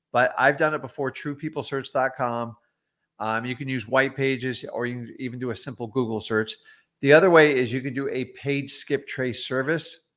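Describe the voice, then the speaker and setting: A man's voice: medium pitch, sharp tone. A middle-aged man, a real estate investor, teaching wholesaling in a casual livestream, blunt and chatty with frequent ums and asides.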